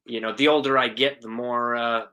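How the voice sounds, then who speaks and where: Bright-voiced man telling stories. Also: mid-range voice, normal speed, smooth. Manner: animated storyteller, acts out quotes, swears casually. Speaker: actor guest. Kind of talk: casual interview storytelling.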